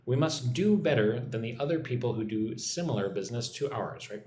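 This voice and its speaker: A man's voice: mid-range voice, a little fast, darkish tone, echoey room, slight background noise. A man teaching English on a live stream, explaining example sentences patiently and often checking in with "right?".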